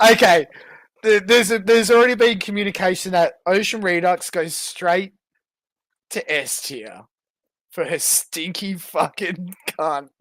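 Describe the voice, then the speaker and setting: A man's voice: sits high, unhurried, a bit bright, dry recording. A man streaming, giving profane, mocking running commentary on clips and ranking people. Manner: profane, mocking, laughs often. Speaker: streamer ranking online personalities. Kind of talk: casual crude live-stream commentary.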